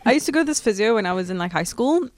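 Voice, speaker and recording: A woman in casual chat, telling animated stories and mimicking other people's voices. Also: very fast. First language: not English at home as a child. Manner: animated storyteller, mimics voices with big pitch jumps.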